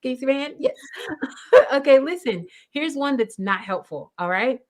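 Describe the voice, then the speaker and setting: A woman's voice: high-pitched, animated, normal speed. A woman guest, a grief coach, talking in an interview over a video call, emphatic and instructive, often checking in with the listener. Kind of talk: conversational interview.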